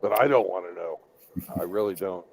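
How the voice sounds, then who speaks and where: A man's voice: low voice, fairly quick, a little mellow, breathy edge. A man who works as a truck driver, talking in a casual online group chat, teasing and stammering as he repeats words.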